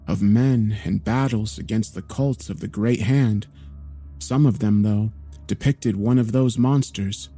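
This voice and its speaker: A male narrator tells a horror story in a measured, grave way. His voice is mellow and mid-pitched, with faint music underneath.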